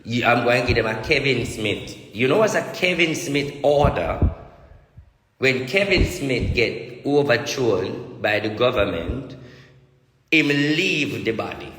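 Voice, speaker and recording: Jamaican man, preachy prophetic rant, repeats himself, mid pitch, roomy long reverb. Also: animated, a little slow, a bit bright. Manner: preachy, repetitive, declamatory. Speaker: self-styled spiritual prophet. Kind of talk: ranting monologue to viewers. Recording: echoey room with long reverb.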